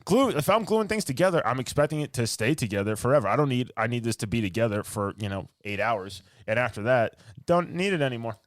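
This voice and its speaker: A man's voice: mid-range voice, expressive, fast, hardly any pauses, no room sound, studio quality. A young man co-hosting a podcast in casual chat, ranting sarcastically and laughing mid-sentence as he gets worked up. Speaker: podcast co-host.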